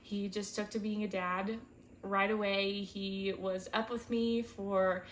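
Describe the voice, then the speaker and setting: A young woman vlogs in her twenties, speaking candidly and emotionally, sometimes near tears. Her pitch sits in the middle for a woman, and her talk is full of casual fillers. A faint hum of noise sits under the voice. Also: level tone, slow. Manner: chatty, many fillers like "like" and "um". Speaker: vlogger, first-time mom.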